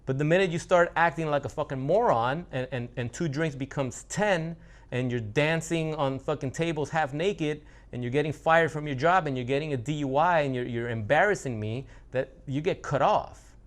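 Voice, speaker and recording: Man, fairly high voice, blunt and profane, casual monologue, many restarts. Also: moderate pace. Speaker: relationship coach.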